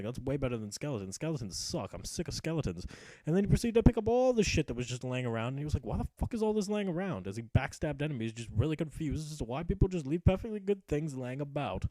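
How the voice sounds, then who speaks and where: Young man, gameplay commentary, mock-epic narration, sarcastic, profane, lively pitch, mellow tone, dry close sound. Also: no echo, rough recording. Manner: profane, sarcastic storyteller voicing his character.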